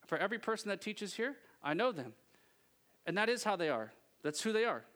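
A man preaching a sermon from a church stage, talking in a lively, joking, conversational way. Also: high-pitched, a little fast. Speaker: pastor.

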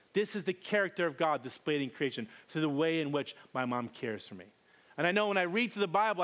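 A man's voice: fairly high pitch, fairly bright tone. A man in his thirties preaching a sermon as pastor, telling humorous family stories with acted-out quotes.

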